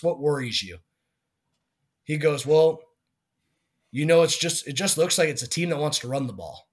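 A man co-hosting a sports podcast in casual chat, giving blunt opinions that trail off softly at the ends. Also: on the high side. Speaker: podcast co-host.

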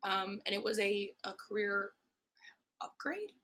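A young woman hosting a casual solo podcast, her voice hoarse and worn, chatty and swearing often with mock-aggressive rants. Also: mid-range voice, fairly even intonation, brisk, sharp tone, slight background noise, low-quality recording. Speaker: podcast host.

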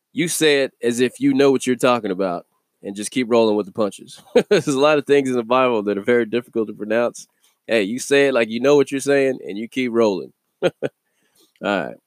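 A man hosting a daily devotional video, teaching from the Bible in a relaxed, conversational way and chuckling between thoughts. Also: mid-range voice, no echo, studio quality.

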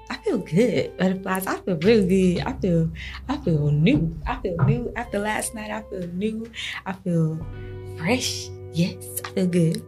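Warm and unhurried, her medium-pitched voice carries over faint music. She's a podcast host on a motivational faith show who speaks to listeners with sincere encouragement and frequent laughter.

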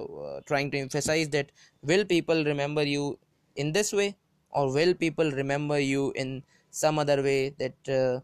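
A man's voice: on the high side, smooth, dry recording, studio quality. A man hosting a solo motivational podcast, talking earnestly and often repeating and rephrasing himself between hesitations. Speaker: podcast host.

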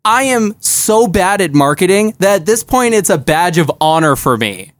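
Lively, laughing man on a podcast. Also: high-pitched, moderate pace, dry recording. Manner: animated, laughing storyteller. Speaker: podcast co-host. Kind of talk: casual banter.

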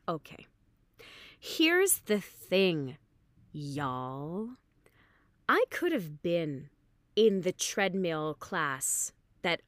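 A hungover woman telling a story in a casual way, animated, and she acts out the people she quotes with big jumps in pitch. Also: dry recording. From Canada.

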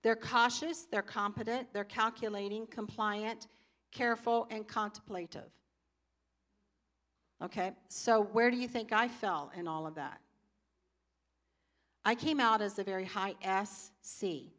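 A woman's voice: mid-range voice, a little slow, pauses often, a bit bright. An older woman speaking in church, teaching through personal stories and acting out her own past reactions. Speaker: pastor's wife teaching.

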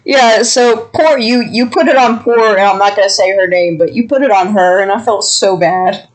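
A woman co-hosting a podcast, telling a work story in an animated, laughing way. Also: medium pitch, normal speed, low-quality recording. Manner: animated, laughing often, acting out quotes. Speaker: podcast co-host. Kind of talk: casual storytelling.

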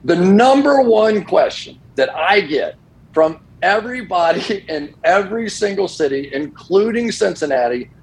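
Animated middle-aged man telling stories. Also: sits high, measured pace, low-quality recording. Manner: animated, voice jumps when quoting people. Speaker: football broadcaster guest. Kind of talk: casual storytelling.

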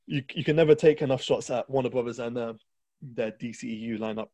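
A man's voice: mid-range voice, fast, warm tone, no echo. A man co-hosting a podcast, chatting casually and enthusiastically about a film, rambling with restarts. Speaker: podcast co-host.

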